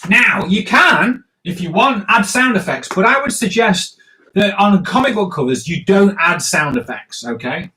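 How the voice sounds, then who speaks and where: A man's voice: high-pitched, lively intonation, measured pace, pushed and bright. A man giving a live comic drawing lesson, playful and jokey, talking straight to the viewers as he draws. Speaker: comics teacher.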